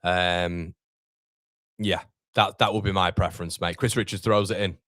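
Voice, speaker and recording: A man's voice: low voice, fairly even intonation, normal speed, a bit bright, no echo, studio quality. A young man hosts a live football watchalong. He chats casually, reads viewer comments aloud and calls people mate. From Yorkshire, England. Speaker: watchalong streamer.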